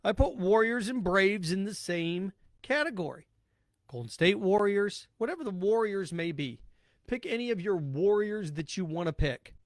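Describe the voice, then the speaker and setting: A man's voice: sits high, animated, normal speed, dry recording, clean studio sound. A man hosting a sports talk podcast, ranting bluntly and sarcastically, repeating his points and mocking others. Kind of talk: opinionated solo podcast rant.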